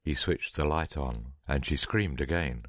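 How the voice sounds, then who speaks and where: Very deep-voiced male narrator. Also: no room sound, clean studio sound. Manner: measured, dramatic narration. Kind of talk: audiobook story reading.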